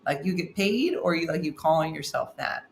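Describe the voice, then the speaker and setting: A woman's voice: low-pitched, expressive, fairly quick, vocal fry. A middle-aged woman hosting a casual morning live stream, reading viewer comments aloud with wry, chatty asides. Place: room at home. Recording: roomy echo, faint room noise.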